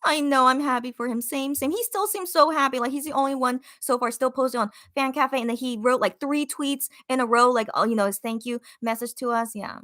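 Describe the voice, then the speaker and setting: A woman hosting a casual livestream podcast, reading chat comments aloud and gushing with excitement through lots of fillers. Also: high voice, brisk, hardly any pauses. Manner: excited, gushing fan talk with many fillers.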